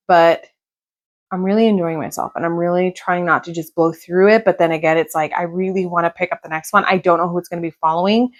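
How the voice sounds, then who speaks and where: Chatty mom book vlogger, a little low. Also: female voice. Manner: chatty, gushing, rambling. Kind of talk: casual reading vlog.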